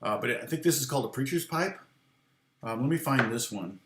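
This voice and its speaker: A man's voice: mid-range voice, lively intonation, fairly quick, background noise. An American man giving a casual guitar lesson, rambling and answering viewers' comments as he goes. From United States. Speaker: guitar teacher. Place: home studio. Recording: echoey room with guitar playing.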